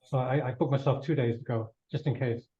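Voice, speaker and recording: A man's voice: medium pitch, fairly even intonation, brisk, warm tone, breathy edge. A man giving a casual slide talk to a club, rambling with many restarts and losing his voice a little. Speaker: guest speaker. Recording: dull lo-fi room recording.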